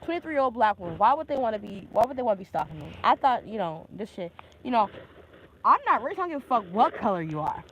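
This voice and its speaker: A woman's voice: a little high, very animated, fast, a little hiss or hum, low-quality recording. Agitated, cursing woman in her twenties. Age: 20s. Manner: agitated, heavily profane, talks in bursts. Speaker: vlogger. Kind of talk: angry live-stream rant.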